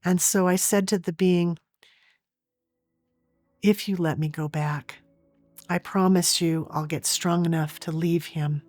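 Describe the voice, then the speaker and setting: A woman's voice: fairly low pitch, fairly even intonation, slow pace, pauses often, darkish tone, no echo, faint music behind. A woman guest in an interview, earnestly and vividly retelling a personal experience.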